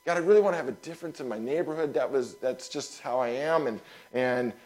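A male pastor telling a personal story in a sermon, animated, with quick asides and repeated words. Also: mid-range voice.

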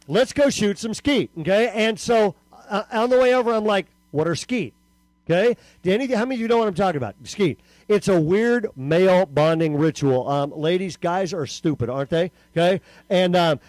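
High-voiced man telling a comic story. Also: dry recording. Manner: animated, punctuates lines with a questioning "okay?"; acts out quotes and sound effects. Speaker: speaker addressing teenagers at a camp. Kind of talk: comedic storytelling talk to a live audience.

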